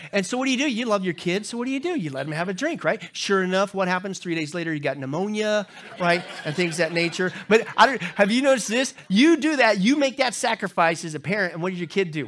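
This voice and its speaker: A middle-aged man preaching a sermon as pastor, telling funny stories to the congregation and jumping into high voices when he acts out other people. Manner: humorous storytelling, talks to the crowd; animated, jumps into high squeaky voices when acting out others.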